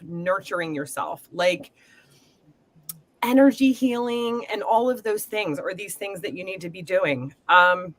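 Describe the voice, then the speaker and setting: A middle-aged woman giving an earnest, emotional psychic reading, reassuring and encouraging. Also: medium pitch. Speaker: psychic reader. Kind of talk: live group reading.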